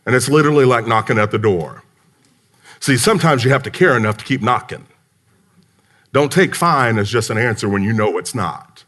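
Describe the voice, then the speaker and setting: Man, motivational talk, animated storyteller, acts out dialogue, emphatic delivery. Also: mid-range voice. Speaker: business speaker. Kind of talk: motivational talk to a live audience. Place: conference hall.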